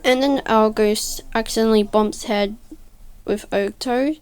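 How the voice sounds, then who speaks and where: A woman casually narrating a speedpaint video, halting and stuttering, correcting herself as she goes, and sounding tired. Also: on the high side, fairly even intonation, darkish tone, clear, resonant tone. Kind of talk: casual voice-over storytelling.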